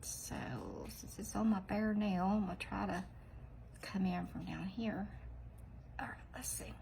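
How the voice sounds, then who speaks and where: A woman hosting a nail tutorial, chatting in a rambling, sniffly way and often dropping into soft whispered asides. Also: medium pitch, fairly even intonation, unhurried, creaky, a little hiss or hum, rough recording. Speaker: nail art channel host. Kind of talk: casual tutorial chat.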